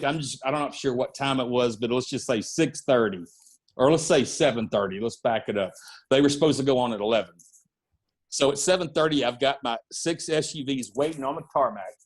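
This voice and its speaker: A middle-aged man, a music and wrestling promoter, telling anecdotes in a casual podcast interview, lively and full of fillers. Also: mid-range voice. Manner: animated anecdote-telling with fillers and acted-out quotes.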